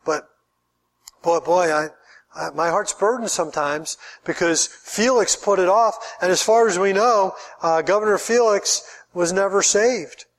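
High-voiced earnest preaching man. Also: measured pace. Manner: earnest, repeats words while building a point. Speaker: pastor. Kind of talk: sermon.

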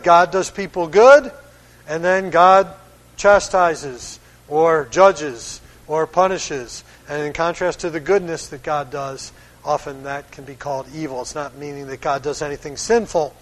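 A man preaching a sermon, reading old-style scripture slowly and then playfully voicing the people in it, chuckling now and then. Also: high-pitched, in a large hall.

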